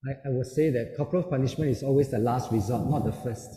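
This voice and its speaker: A man's voice: medium pitch, fast talker, very noisy. Brief man telling stories in echoey hall. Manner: storytelling, acting out quoted voices. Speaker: seminar speaker. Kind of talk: parenting seminar talk. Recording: echoey hall with long reverb.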